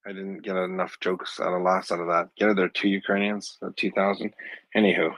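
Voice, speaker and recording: Blunt, low-voiced man, dry sound. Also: little pitch movement, brisk, a bit bright, dry recording, rough recording. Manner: blunt and scornful; dry joking. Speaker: guest commentator. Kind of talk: casual live audio chat.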